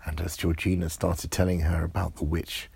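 A deep, gravelly man tells a made-up bedtime story slowly and softly, often sinking into a near whisper. His voice is husky and breathy, recorded close and dry. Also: level tone, no room sound. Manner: soft, drifting into whispers.

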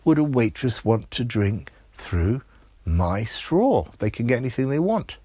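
Male storyteller doing squeaky excitable girl, storybook, husky, dry. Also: measured pace, no echo. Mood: reasoning. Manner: shrill, exclaiming, rising to shouts. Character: excitable young girl, eager and indignant. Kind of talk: told storybook with voices.

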